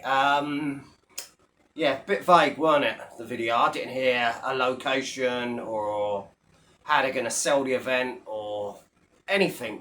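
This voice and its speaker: A man's voice: medium pitch, bright, forceful tone. A man ranting to camera as an online commentator, blunt, sweary and mocking. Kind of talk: profane rant to camera.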